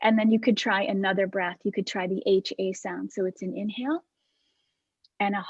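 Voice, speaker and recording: Woman teaching a movement class over video call: breathy, gentle, unhurried cues. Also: mid-range voice, no echo, lo-fi sound. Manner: calm, soft-spoken cueing with breathy demonstrations.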